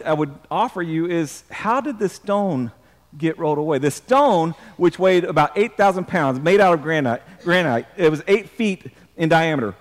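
A man's voice: high-pitched, long reverb tail. A man preaching a sermon as pastor, emphatic, repeating words and drawing the congregation into responses.

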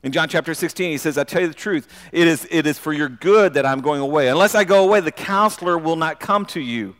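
A man's voice: fairly high pitch, fast talker, a bit bright. A man preaching a sermon in an earnest, questioning way, often repeating words as he goes. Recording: long hall reverb.

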